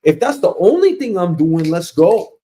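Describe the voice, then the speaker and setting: A man's voice: high voice, big pitch swings, normal speed, warm tone. Profane, ranting male podcast host. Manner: profane, mocking, acts out coworkers in quoted asides. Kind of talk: casual ranting monologue.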